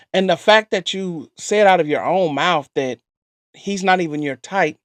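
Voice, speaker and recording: A man's voice: fairly high pitch, no echo. A man giving blunt, lecturing commentary and advice in reaction to a clip.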